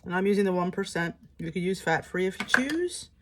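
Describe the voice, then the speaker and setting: A woman's voice: on the low side, animated, brisk, very noisy. A middle-aged woman hosting a casual cooking vlog in her home kitchen, chatty and upbeat as she talks to viewers. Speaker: cooking channel host.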